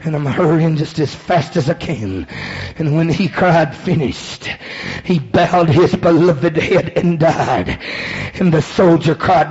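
A man's voice: on the high side, slow pace, a little mellow. A man preaching a sermon, telling the story dramatically and acting out the voices he quotes. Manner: rhythmic chanted preaching with breathy "uh" between phrases. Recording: muffled recording with faint hiss.

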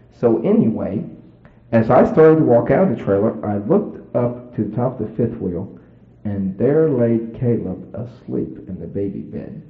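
Man, folksy storyteller, colloquial, roomy echo, phone-like sound. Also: on the low side. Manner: plain-spoken, colloquial, lively and playful. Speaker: storyteller addressing a crowd. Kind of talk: folksy anecdote told to an audience.

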